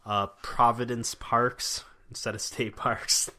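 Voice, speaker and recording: Rambling young man with a bright voice. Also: medium pitch, little pitch movement, takes it slowly. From United States. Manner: rambling, many "like" fillers and restarts. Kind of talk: casual chat.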